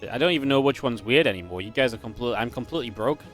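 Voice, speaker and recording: A man from Northern England with a mild Geordie accent, casting an esports match with chatty, laid-back talk between plays and quick, lively calls during fights. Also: mid-range voice, soft background music. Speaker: esports caster. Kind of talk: live game commentary with casual chat.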